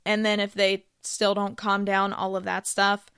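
A woman's voice: mid-range voice, monotone, unhurried, a bit bright, clean tone, no echo, studio quality. A young woman hosting a podcast, giving business advice in a chatty, casual way with frequent filler phrases. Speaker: podcast host.

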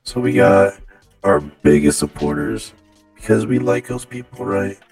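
A man's voice: low-pitched, animated, loud music behind the voice, low-quality recording. A podcast co-host, a man speaking through a vocoded robot voice effect, reading out thank-yous to supporters. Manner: slow, halting delivery over a vocoder.

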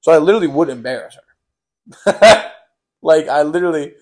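A man's voice: a little high, expressive, moderate pace. Young man, casual storytime, rambling, lots of filler words. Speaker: podcast host telling a story.

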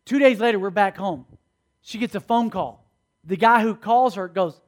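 Animated preacher man. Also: high voice, normal speed, long pauses. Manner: animated, acts out dialogue in voices. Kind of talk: sermon storytelling.

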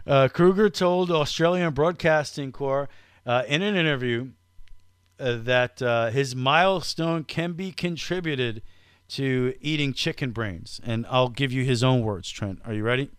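Smooth-voiced podcast host, quick and teasing. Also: male voice, mid-range voice, no room sound, clean studio sound. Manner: fast, teasing, rambling. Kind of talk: casual podcast chat.

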